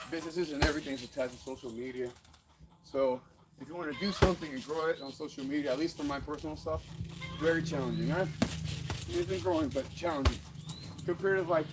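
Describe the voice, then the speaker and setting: A man's voice: on the high side, heavy background noise. A man talking loosely through a boxing workout in an outdoor yard gym, breathing hard, swearing and laughing as he rambles. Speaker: fitness vlogger. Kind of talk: casual rambling talk during a workout. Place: outdoor home gym under trees on rural land. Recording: loud outdoor background with roosters and dogs.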